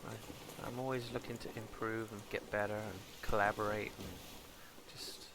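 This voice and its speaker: Gravelly British man chatting through gameplay. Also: on the low side, steady tone, a little slow, noisy background. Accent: British English. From England. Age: adult with a son. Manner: chatty, rambling, talks to game characters. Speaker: gaming streamer. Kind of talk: casual gameplay commentary. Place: home streaming setup with green screen.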